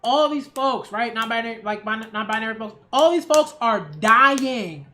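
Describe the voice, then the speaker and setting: Woman, fairly high voice, casual rant, sarcastic, emphatic, rhetorical asides. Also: lively intonation, moderate pace, sharp tone, slight background noise. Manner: emphatic, sarcastic, keeps asking "right?". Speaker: culture critic and channel host.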